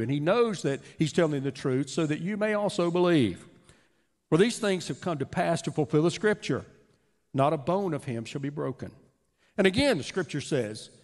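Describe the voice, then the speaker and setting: A man pastor reading scripture and preaching a sermon in a church, earnest and emphatic. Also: on the high side. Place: church sanctuary. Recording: long hall reverb.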